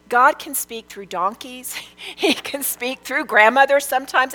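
A woman's voice: on the high side, a bit bright, poor audio. Earnest grandmotherly woman giving testimony. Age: older. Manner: earnest, emphatic, repeats phrases for weight. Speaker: speaker sharing a testimony. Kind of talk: testimony sermon.

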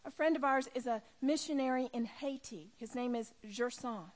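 A middle-aged woman preaching a sermon to women, impassioned, dropping to a hush and then rising loud. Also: on the high side, normal speed. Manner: impassioned, swings from hushed to loud. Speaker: women's ministry speaker.

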